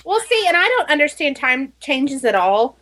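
A woman's voice: sits high, big pitch swings, moderate pace, fairly bright tone. A woman co-hosting a podcast, chatting in a giggly, easygoing way. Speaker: podcast co-host. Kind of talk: casual group chat.

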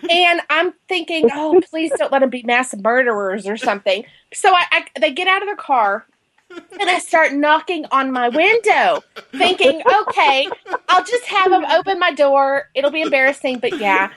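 This is a woman with a high, bright-pitched voice, chatting casually as a co-host. She tells her stories in an animated rush, full of "like" and acted-out quotes. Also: normal speed. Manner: animated storyteller, heavy use of "like". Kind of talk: casual chat.

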